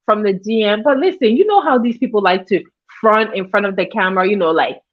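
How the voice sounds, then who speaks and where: A woman's voice: on the high side, lively intonation, fairly quick. A woman hosting a livestream in casual commentary, chatty, greeting viewers by name as she talks. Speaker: livestream host. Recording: dull lo-fi stream audio.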